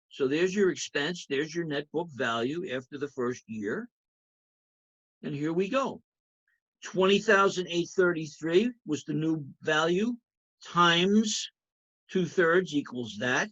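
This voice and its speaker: A man's voice: fairly high pitch, fairly bright tone, breathy edge, muffled recording. A man teaching an accounting review lecture, emphatic, repeating key points and checking in with students. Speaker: accounting instructor.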